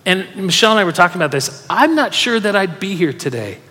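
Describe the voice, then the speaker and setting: Speaking at a quick pace, a high-voiced pastor preaches a sermon in a big church hall, his words followed by long reverb. He tells stories with energy and presses the congregation to take part.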